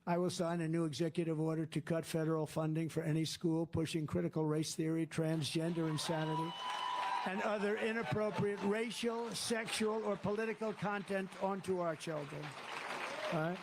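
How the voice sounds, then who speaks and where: Gravelly man rambling through a rally speech. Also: on the high side, steady tone, normal speed, background noise. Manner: rambling, digressive, repetitive. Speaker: political candidate. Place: campaign rally.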